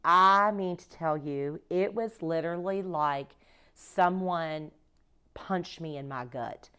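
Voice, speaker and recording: A woman's voice: lowish voice, slow pace, pushed and bright, smooth. A woman who owns a cleaning company, talking as a podcast guest in casual conversation, emphatic and acting out quoted dialogue as she tells her stories. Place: podcast recording.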